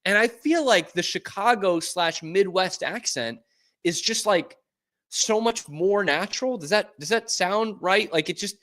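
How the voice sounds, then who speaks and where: A young man from the Boston area with a mostly suppressed Boston accent, hosting a sports talk show in animated, opinionated casual chat. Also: high-pitched, a little slow. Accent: mild Boston, mostly suppressed. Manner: animated, opinionated, lots of fillers.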